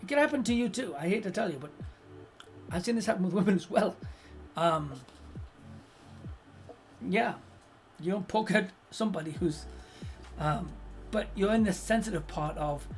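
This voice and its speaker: A streamer gives relationship advice in casual live-stream chat, blunt and swearing constantly while animatedly acting out the voices of people in the stories. The voice is medium-pitched at a normal speed, with long pauses and faint music in the background.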